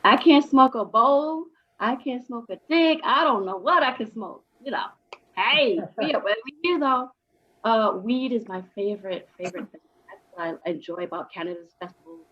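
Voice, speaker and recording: A woman in her forties performs brash, raunchy stand-up comedy with punchy delivery. Her voice is fairly high and moderately paced, and the recording is slightly dull with faint noise.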